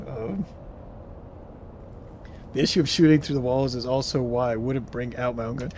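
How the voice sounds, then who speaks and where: A man's voice: on the high side, steady tone, moderate pace, long pauses, darkish tone, a little hiss or hum. A young man streaming, telling a story casually and reading chat comments aloud, laughing now and then.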